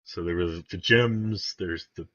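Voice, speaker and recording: A man's voice: low-pitched, measured pace, a loud crowd. A man narrating as game master of a tabletop game, rambling with many fillers. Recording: dull, muffled dry recording.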